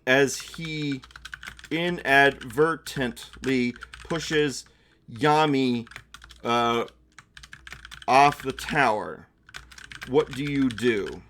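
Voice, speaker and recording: A man's voice: mid-range voice, fairly bright tone, a little hiss or hum. Chatty young man running a game. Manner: chatty, quick asides, laughs at own jokes. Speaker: game master and streamer. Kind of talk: live-streamed tabletop game narration.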